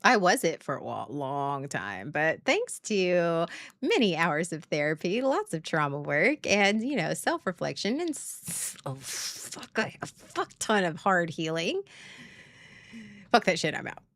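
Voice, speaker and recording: A woman's voice: on the low side, big pitch swings, a little slow, fairly bright tone, dry recording. A woman, streaming a candid, profane monologue and laughing often. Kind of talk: casual livestream monologue.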